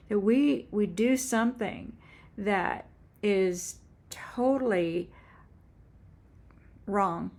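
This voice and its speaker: Gravelly-voiced woman in her seventies. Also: mid-range voice, darkish tone. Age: 70s. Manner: halting, heartfelt storytelling with many restarts. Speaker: author and YouTuber. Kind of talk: personal faith testimony vlog.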